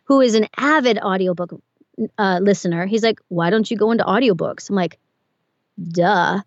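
A woman, an audiobook narrator, chatting as a guest in an interview, animated and quick to laugh. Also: mid-range voice, no echo, highs cut off. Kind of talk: casual interview chat.

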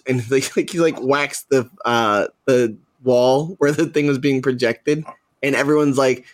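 A man's voice: medium pitch, fairly even intonation, moderate pace. Rambling man telling a story. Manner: rambling storyteller, many fillers. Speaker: podcast host. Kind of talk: casual chat.

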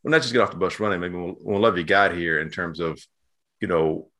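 A man in loose sports-show banter, his voice bright and forceful. He gets animated and slangy, stumbling and repeating words as he builds a point. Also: sits low, fairly quick. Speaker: sports talk co-host. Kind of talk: casual sports chat.

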